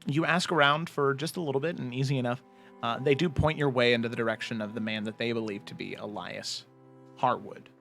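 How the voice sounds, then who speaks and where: A man narrating a tabletop role-playing game as game master, in a relaxed way with many fillers. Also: mid-range voice, a little fast, gravelly, soft background music.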